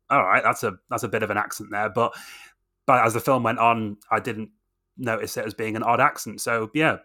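Bright-voiced man, rambling enthusiast. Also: on the low side. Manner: enthusiastic, rambling, filler-heavy. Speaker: podcast co-host. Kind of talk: casual film review chat.

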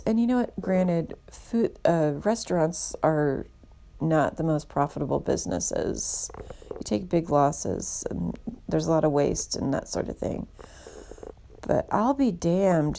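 A woman's voice: fairly low pitch, vocal fry, darkish tone. A woman hosting her own podcast, talking in a candid, rambling and self-deprecating way as a casual monologue. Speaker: podcast host.

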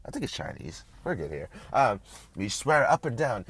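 A young man hosting a show, talking in a crude, rambling monologue that swings between loud outbursts and mumbling. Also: lowish voice, sing-song, normal speed, husky, dry recording. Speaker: podcast host. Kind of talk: casual profane monologue.

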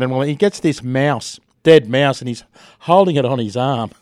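A man's voice: mid-range voice, moderate pace, darkish tone, no room sound, clean studio sound. A man with an Australian accent hosting a breakfast radio show, telling stories and reading news in a chatty way, often laughing, with a sore throat.

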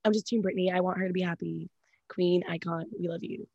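Woman co-host, casual gossip, animated delivery, dry mic. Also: fairly low pitch, a little fast, vocal fry, breathy edge, dry recording, highs cut off. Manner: animated, says "like" a lot, acts out quoted reactions. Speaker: podcast co-host. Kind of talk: casual celebrity gossip chat.

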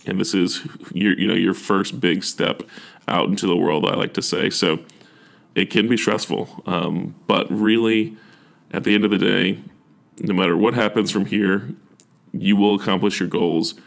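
Young male admissions officer, casual advice talk; low and gravelly, earnest and encouraging, plenty of ums and restarts. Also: steady tone, normal speed.

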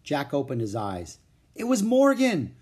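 Here an audiobook narrator performs a children's story in an expressive, storytelling style. Her delivery is measured in pace, with a husky, mid-range voice.

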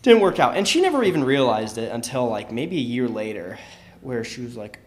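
A man's voice: medium pitch, very animated, fast. A young man co-hosting a podcast, telling a long story in a casual, rambling way, full of fillers and laughs. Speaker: podcast co-host.

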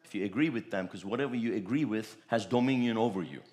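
A man's voice: on the low side, fast talker, a little mellow. A man preaching a sermon, with emphatic, repetitive declarations that rise in bursts.

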